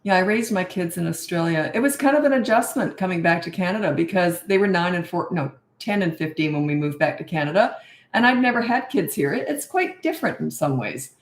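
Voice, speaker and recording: A woman's voice: on the low side, animated, fairly quick, reverberant. A middle-aged woman, a parenting coach, chatting and rambling casually on a live-stream Q&A, self-deprecating.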